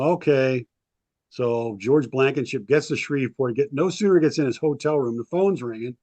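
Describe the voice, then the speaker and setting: A man's voice: mid-range voice, normal speed, warm tone, no room sound. Rambling man spinning old stories, dry sound. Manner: rambling anecdotes with frequent ums, acts out quotes. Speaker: sports historian and author, guest. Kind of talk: casual storytelling interview.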